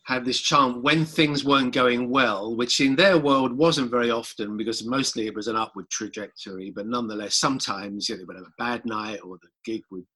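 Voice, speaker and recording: A man's voice: mid-range voice, brisk, hardly any pauses, sharp tone, husky. A man telling an amused anecdote in a casual conversation. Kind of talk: anecdotal storytelling.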